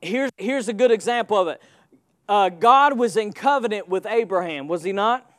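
High-voiced preacher, dry sound. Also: male voice, moderate pace, no echo. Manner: call-and-response preaching, rising to shouts. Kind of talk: sermon.

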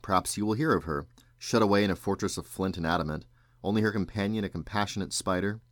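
Wry storybook wizard guy, dad reading it, low voice, kinda sharp then wistful. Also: fast, no room sound, close to an everyday voice. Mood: teasing. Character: grown man, a magician, wry and rueful.

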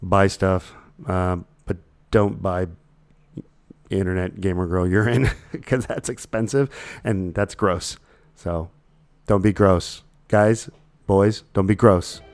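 A man's voice: deep voice, fairly even intonation, takes it slowly, long pauses, a little mellow. A man hosting his own podcast, talking alone in a rambling, laid-back way and chuckling often. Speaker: podcast host. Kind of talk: casual solo podcast monologue.

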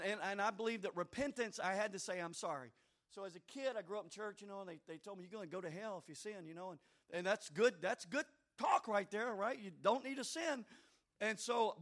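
A man preaching a sermon, swinging between shouted fervor and quiet, folksy asides to his listeners. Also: sits high. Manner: addresses listeners directly, folksy.

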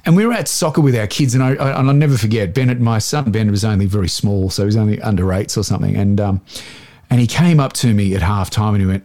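A man in his forties with an Australian accent, a voiceover artist chatting as an interview guest and telling lively stories with many restarts. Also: lowish voice, fast. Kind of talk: casual interview storytelling.

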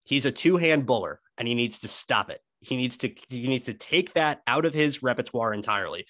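A man talks football on a podcast, emphatic and animated as he lays out player technique. His voice sits at a middling pitch. The sound is dry and close, with no room around it. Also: a little fast, no echo. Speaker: sports podcast co-host. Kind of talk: casual football analysis chat.

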